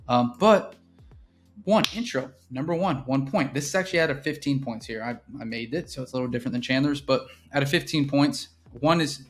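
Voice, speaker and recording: A man walking through his sales process in a casual teaching style, keeps checking in with "right?". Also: mid-range voice. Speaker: real estate business owner teaching sales. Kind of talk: casual instructional walkthrough.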